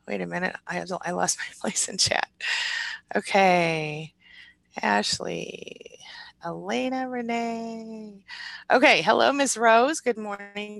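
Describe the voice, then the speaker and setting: A woman hosting a live support stream, chatting quickly and reading out viewer comments with many restarts and fillers. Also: mid-range voice, creaky, no echo, rough recording. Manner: quick, warm-hearted talk with restarts and fillers. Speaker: live-stream host and recovery coach.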